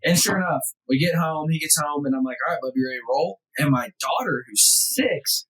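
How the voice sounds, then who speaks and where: A man in his thirties hosting a podcast, chatty and animated, tossing in "dude" and "bro". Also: a little high, fast talker, husky, rough recording. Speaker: podcast host. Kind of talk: casual chat.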